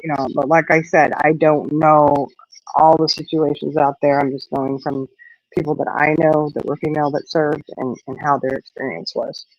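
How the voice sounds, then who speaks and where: A woman's voice: deep voice, flat delivery, normal speed, a little mellow, no room sound, lo-fi sound. A middle-aged woman hosting a casual livestream while out on a walk, rambling with lots of "you know" as she answers viewers. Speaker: livestream host. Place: outdoors on an evening walk.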